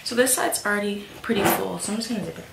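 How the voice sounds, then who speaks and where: A woman's voice: mid-range voice, fast talker, creaky. A young woman vlogging casually while packing in her bedroom, chatty and full of "like" and "literally.". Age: young adult. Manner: chatty, says "literally" and "like" a lot. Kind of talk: casual vlog chat. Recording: echoey room, distant mic, noisy.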